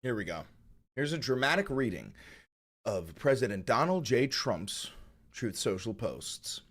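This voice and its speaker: A man ranting on a casual livestream, animated and profane, often laughing. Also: medium pitch, a little slow. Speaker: streamer.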